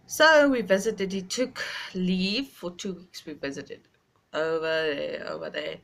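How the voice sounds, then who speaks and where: Young woman, slow and halting, a bit stuffy-nosed, confessional vlog storytelling. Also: lowish voice, vocal fry, a bit bright. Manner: halting, emotional, many restarts and pauses. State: stuffy, sinus. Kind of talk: personal storytelling to camera.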